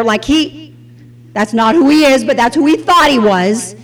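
A middle-aged woman with a Southern US accent teaches a Bible lesson in a sermon style, her voice sitting high at a moderate pace. She's animated and acts out the quotes she tells.

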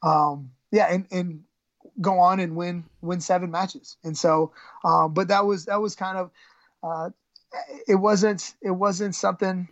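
A female high school wrestling coach tells an emotional story in a podcast interview, her gravelly voice halting as she often stumbles and repeats words. Her pitch sits on the low side with a steady tone, and the close, dry recording has no room sound and a slightly dull, lo-fi quality.

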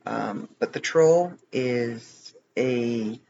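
A man's voice: mid-range voice, very slow, gravelly, a little mellow, highs cut off, a little hiss or hum. A man hosting a podcast late at night, tired and rambling, chatting casually with self-deprecating jokes and frequent chuckles. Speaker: podcast host. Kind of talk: casual chat.

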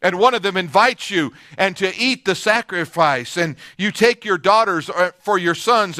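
A man preaching a sermon as pastor, swinging from raised, emphatic lines down to hushed, near-whispered ones. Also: high voice, lively intonation, moderate pace, few pauses, no room sound, studio quality.

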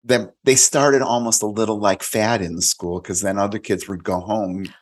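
A man with a lowish voice chatting as a podcast guest. He tells lively anecdotes and slips into quoted voices along the way. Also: normal speed. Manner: animated storyteller, acts out quoted voices. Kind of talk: casual chat.

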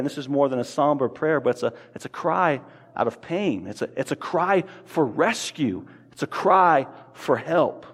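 Guy pastor preaching, kinda high voice, earnest, keeps repeating words, church echo all around. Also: fairly bright tone. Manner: earnest, repeats words while building a point. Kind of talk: sermon. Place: church sanctuary.

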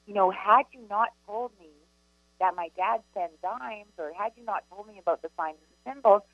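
A woman's voice: mid-range voice, no echo, soft background music. Chatty medium lady on radio, muffled lo-fi line, dry sound. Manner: chatty, animated storyteller, quick asides. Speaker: psychic medium co-host. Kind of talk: casual spiritual talk radio chat.

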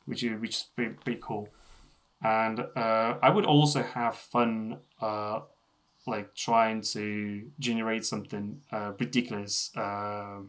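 A man's voice: fairly low pitch, a bit bright. A man who speaks English as a second language, with a Russian accent touched by British sounds, explaining things in casual chat and often restarting his phrases. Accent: Russian with a British tinge.

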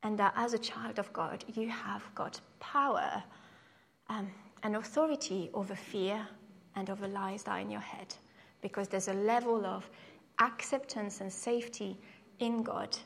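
A young woman preaching, telling a personal story in an animated way and acting out voices. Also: normal speed, gravelly, husky, long reverb tail. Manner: animated storyteller, acts out voices with sudden high pitch.

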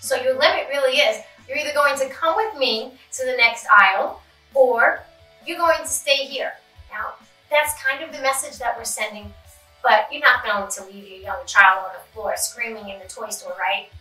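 A woman, a behavior specialist and parent, hosting a podcast and calmly explaining parenting strategies. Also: fairly high pitch, moderate pace, recorded from a distance. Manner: calm, explanatory, acts out example dialogue. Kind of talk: advice talk for parents. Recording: roomy sound from off-mic with faint music.

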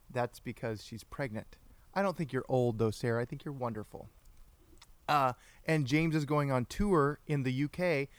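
A man's voice: mid-range voice, no room sound. A man hosting a casual livestreamed podcast, chatty and playful, greeting viewers by name. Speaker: podcast host.

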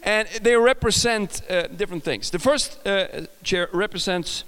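Chatty Swedish-accented preacher, high voice. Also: male voice, measured pace, fairly bright tone, clean tone, big-room sound. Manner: chatty, self-correcting, jokes with the audience. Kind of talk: casual sermon.

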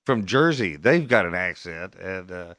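A man's voice: deep voice, lively intonation, unhurried, fairly bright tone, no echo. A man from Texas hosting a radio talk show, chatting folksily and chuckling often into a studio microphone. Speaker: radio host.

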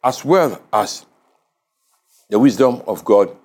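A man with a Ghanaian English accent preaching a radio sermon as pastor, measured and emphatic, leaning on key words. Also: medium pitch, lively intonation, a little mellow.

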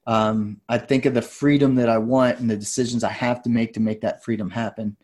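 Earnest, mellow-voiced man telling a story. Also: medium pitch, level tone, a little fast. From United States. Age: 30s. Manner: earnest, intense, rising to loud passion. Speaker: podcast guest. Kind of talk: casual storytelling.

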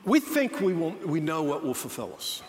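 A man's voice: a little high, sing-song, normal speed. A man preaching a sermon as pastor, telling stories with frequent restarts. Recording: long hall reverb, faint noise.

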